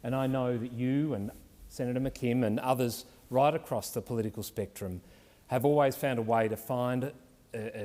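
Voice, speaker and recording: Australian man, mid-pitched, formal courteous speech, long chamber reverb. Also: mellow. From Tasmania. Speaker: senator. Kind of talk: formal parliamentary tribute.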